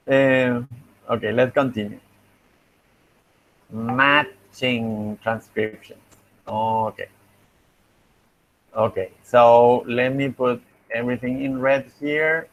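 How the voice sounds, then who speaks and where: Slow, patient teacher with a Spanish accent. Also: male voice, mid-range voice, rough recording. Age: young adult. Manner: slow, patient explaining with repeated examples. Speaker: phonetics teacher. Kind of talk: online class feedback.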